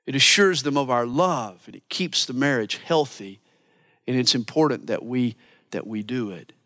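A man preaching a sermon as a pastor, animated and earnest, dropping to hushed asides for emphasis. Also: medium pitch, moderate pace. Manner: animated preaching, mimics voices for quotes.

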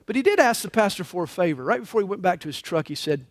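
Male pastor preaching a live sermon, high voice with a wide, lively swing, dry close sound. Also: quick pace, few pauses, no echo. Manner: expressive storytelling preacher. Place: church service.

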